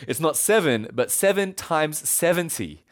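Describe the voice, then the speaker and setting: A man's voice: on the high side, lively intonation, normal speed, natural voice. A male pastor voicing a teacher who speaks firmly and with weight. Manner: firm, emphatic.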